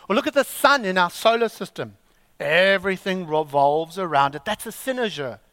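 A man preaching a sermon, emphatic and full of rhetorical questions and dramatic pauses. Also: high voice, animated, fairly bright tone, smooth, no echo, clean studio sound. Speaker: pastor.

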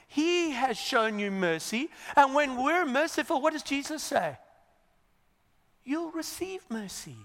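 A male preacher delivering a sermon in an animated style, swinging between loud and hushed. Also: high voice, in a large hall.

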